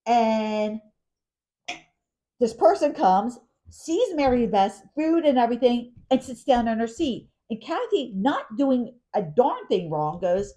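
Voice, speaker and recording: A woman telling a story in casual chat, animated and acting out quotes with frequent laughter. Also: fairly high pitch, slow. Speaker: podcast co-host.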